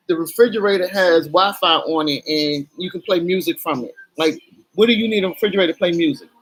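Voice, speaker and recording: Her voice is lowish as the middle-aged woman talks frankly into her camera for an emotional, chatty vlog, cursing offhandedly. It's a low-quality recording.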